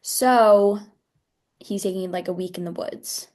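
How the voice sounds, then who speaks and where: A young woman co-hosting a casual podcast, asking deadpan follow-up questions and laughing easily. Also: medium pitch, measured pace. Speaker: podcast co-host. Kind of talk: casual comedic chat.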